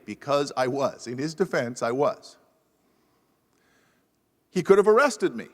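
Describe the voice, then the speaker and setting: A man's voice: high voice, a little slow. Wry storytelling man in a hall. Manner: self-deprecating storyteller, lively and wry. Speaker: panelist professor. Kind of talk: humorous anecdotal talk at a panel event. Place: university event hall. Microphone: lapel microphone. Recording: long reverb of a large hall.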